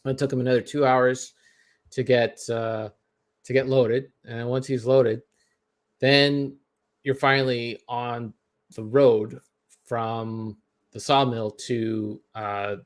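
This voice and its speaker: A man's voice: mid-range voice, fairly even intonation, slow pace. A Canadian man with a Canadian accent, telling a long story in casual podcast chat, full of fillers and restarts. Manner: rambling, many fillers and restarts.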